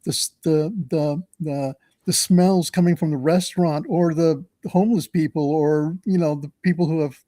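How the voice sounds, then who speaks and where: A man, an author guest, talking in a casual interview, halting and restarting often. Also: a little high, fairly even intonation, dark tone, no room sound.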